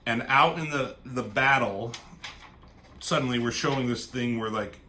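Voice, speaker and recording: A man reviews a comic in a loose, rambling, easygoing style, swearing as he goes. His pitch sits in an ordinary middle range. A faint noise hums behind him. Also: a little slow, bright, forceful tone. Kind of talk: casual comic book review.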